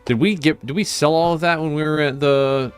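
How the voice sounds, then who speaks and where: A man's voice: fairly high pitch, steady tone, brisk, clear, resonant tone, soft background music. A man playing a tabletop game who thinks aloud and often restarts his sentences. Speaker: player. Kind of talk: casual tabletop game talk.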